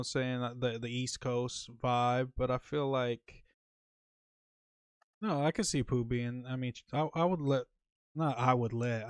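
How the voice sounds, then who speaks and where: A man hosting a livestream podcast talks in a loose, slang-heavy way and says bro a lot. His voice is smooth and resonant. The sound is close and dry, with no room around it. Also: medium pitch, no echo. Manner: laid-back and slangy, reads chat aloud, keeps saying bro. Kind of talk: casual livestream chat.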